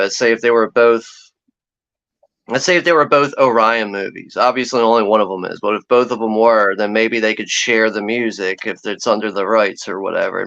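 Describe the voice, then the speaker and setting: A man's voice: on the low side, a bit bright. A man chatting casually and profanely on a livestream, rambling and laughing as he talks. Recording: dull lo-fi sound.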